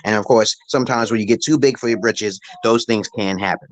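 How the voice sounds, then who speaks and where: A man's voice: on the low side, brisk. A middle-aged man hosting a live stream from his phone, rambling in a profane, opinionated monologue. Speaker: livestream host.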